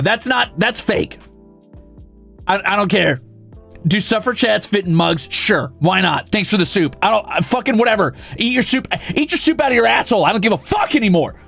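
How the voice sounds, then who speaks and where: A young man streaming casually, reading viewer comments aloud and ranting with lots of swearing, flipping between outrage and mock calm. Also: sits high, vocal fry. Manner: profane, excitable ranting that swings to mock calm.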